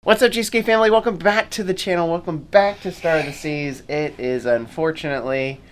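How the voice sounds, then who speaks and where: A man's voice: on the high side, fairly quick. A middle-aged man chatting casually on a family travel vlog, easygoing and rambling with plenty of fillers. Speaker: family vlogger. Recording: faint background noise.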